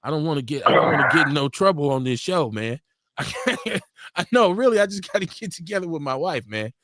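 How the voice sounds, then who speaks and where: A man hosts a casual live talk show in a fairly high voice that rises and falls widely. He tells stories and acts out other people's lines, laughing often. His mic sound is dry, with no room echo. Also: fairly quick. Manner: animated, laughing storyteller acting out quotes. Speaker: show host. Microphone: studio mic for a live stream.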